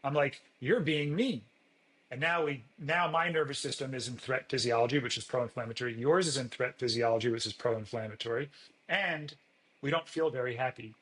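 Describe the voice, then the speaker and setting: A man's voice: mid-range voice, brisk, fairly bright tone, rough recording. A man, a physician guest on a podcast, explaining earnestly and acting out sample dialogues in a lifted voice.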